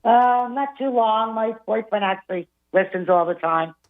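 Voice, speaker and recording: A woman's voice: mid-range voice, normal speed, phone-quality sound. A woman calling in to a radio show, brief and a little hesitant, heard through a telephone. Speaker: caller. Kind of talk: on-air phone call.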